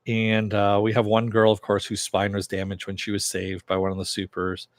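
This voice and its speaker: A man with a fairly low voice talks through an episode recap in a loose, chatty way. He fills pauses often and chuckles as he retells the scenes. The sound is dry, with no room around it. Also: completely flat delivery, no echo. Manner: chatty, many fillers, chuckles while retelling. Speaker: TV series reviewer.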